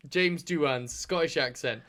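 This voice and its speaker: A man's voice: a little high, measured pace, fairly bright tone. A man co-hosting a podcast, chatting casually, rambling with restarts and casual swearing. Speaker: podcast co-host. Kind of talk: casual chat.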